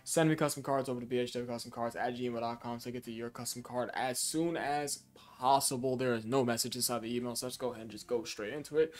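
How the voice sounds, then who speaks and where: A man's voice: fairly even intonation, quick pace, hardly any pauses. Tired young man reviewing game cards. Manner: tired, low-energy, with self-corrections and fillers. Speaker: YouTube game card reviewer. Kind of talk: casual commentary.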